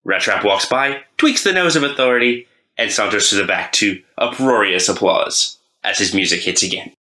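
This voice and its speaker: Man, podcast storyteller, low bright voice, very animated, echoey room. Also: normal speed. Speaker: podcast player.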